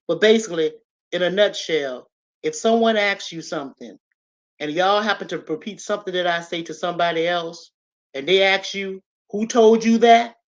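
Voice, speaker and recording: A woman hosting a livestream, giving a casual, preachy motivational talk, emphatic and repetitive as she addresses her viewers directly. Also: on the low side. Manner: emphatic and repetitive, talks straight to the audience.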